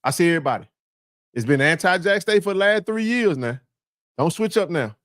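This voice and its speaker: A man's voice: fairly high pitch, animated, fairly quick, a bit bright, no echo, studio quality. A man hosting a casual sports chat, talking emphatically and repeating himself in playful trash talk.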